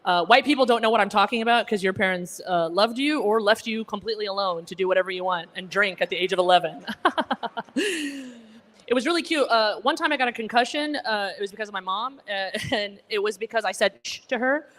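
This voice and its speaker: A woman with a medium-pitched, fairly bright voice performs a brisk stand-up set at a gala in a banquet hall before a live audience. Born in Egypt and raised in Alabama, she has an American accent like someone from Connecticut, and her humor is teasing and self-deprecating.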